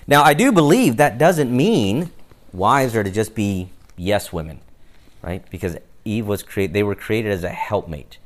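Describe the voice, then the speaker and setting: A very deep-voiced man preaching a sermon in a relaxed, conversational way. He tends to close his points with a quick "right?" and slips into brief acted-out exchanges along the way. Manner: conversational, often adds "right?" to each point; acts out little quoted exchanges in passing.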